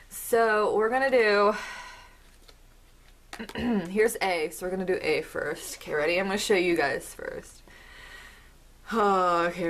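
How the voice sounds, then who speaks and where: A woman vlogger talking through an album unboxing, gushing and excitable as she speaks to the camera. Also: mid-range voice, gravelly. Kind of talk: casual unboxing commentary.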